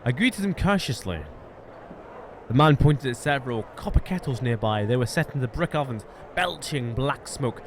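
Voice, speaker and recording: A man's voice: medium pitch, lively intonation, normal speed, a little hiss or hum. A man streaming a game, reading its narration and dialogue aloud and joking with friends. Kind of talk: live-streamed game read-aloud with chat.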